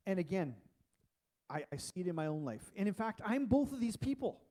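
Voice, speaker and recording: Guy pastor preaching in church, kinda high voice but mellow, chatty and animated. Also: fairly quick. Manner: casual, animated preaching with restarts. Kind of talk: sermon.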